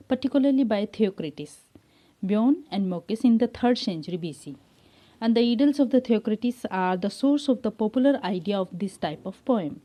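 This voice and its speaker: A woman with an Indian English accent, a lecturer, explaining literary terms to a class in an unhurried way with frequent fillers. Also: medium pitch, mellow.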